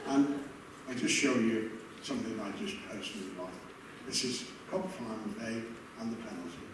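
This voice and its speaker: An older man spins chatty comic stories on stage, chuckling through his own punchlines and dropping the odd mild swear word. His voice rings around a big echoing hall. He is picked up from a distance, with steady noise underneath. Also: on the low side, normal speed. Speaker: comedian telling stories on stage. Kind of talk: stage anecdotes to an audience. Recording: echoey hall, far from mic, noisy.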